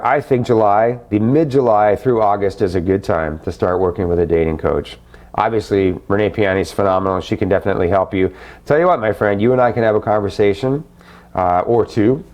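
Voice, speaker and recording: Chummy middle-aged man with a lowish voice. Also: a little mellow. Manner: chummy, calls viewers guys and man; effusive, repeats words for emphasis. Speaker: webcast host answering viewer questions. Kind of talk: live webcast chat.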